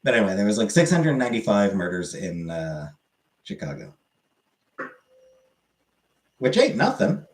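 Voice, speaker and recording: Male streamer, low voice, rambling casual delivery full of self-corrections, recorded in a roomy space. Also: very animated, brisk, a little mellow. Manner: meandering, corrects himself mid-sentence. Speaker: livestream host answering chat. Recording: roomy echoey room.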